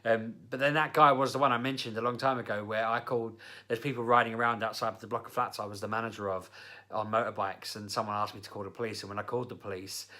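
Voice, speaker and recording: A man's voice: on the low side, fast. A young man casually telling rambling personal stories to camera, with lots of fillers. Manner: rambling, animated anecdotes with fillers. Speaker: vlogger.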